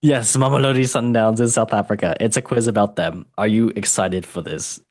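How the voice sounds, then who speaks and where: This podcast quizmaster speaks fairly quickly in a fairly low, darkish voice with no echo. Running a football quiz in casual chat, he's playful and teasing and keeps calling his guest mate.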